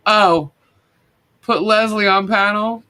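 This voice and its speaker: A woman's voice: mid-range voice, steady tone, slow pace, pushed and bright. A woman hosting a live online show, laughing constantly as she reads out viewer comments. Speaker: livestream host.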